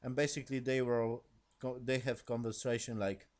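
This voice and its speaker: A man giving a casual spoken review of a TV episode in non-native English, rambling and profane, animated as he retells scenes. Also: mid-range voice, moderate pace.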